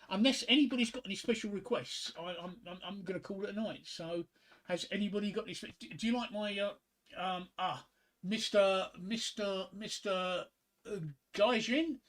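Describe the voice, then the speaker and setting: Hombre británico titubeante contando chistes. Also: male voice, high-pitched, a bit bright. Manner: halting, with many repeated words and fillers. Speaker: livestreamer. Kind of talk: casual joke-telling on a livestream.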